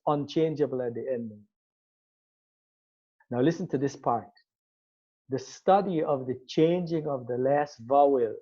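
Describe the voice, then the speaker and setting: A man's voice: medium pitch, dark tone, highs cut off. A man teaching an Arabic grammar class, explaining step by step and checking the class follows. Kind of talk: classroom lecture.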